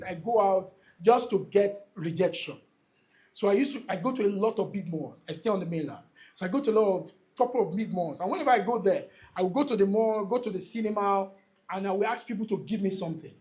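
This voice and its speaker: Man, motivational speaker, emphatic, repetitive, calls out to the audience, quite high voice. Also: quick pace, darkish tone. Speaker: motivational speaker at a real estate event. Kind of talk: motivational talk to a live audience. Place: event hall before an audience.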